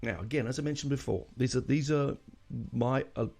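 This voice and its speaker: A man's voice: medium pitch, steady tone, a little fast, creaky, darkish tone. A man hosting a casual music podcast, rambling and emotional, with lots of fillers and restarts. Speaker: podcast host.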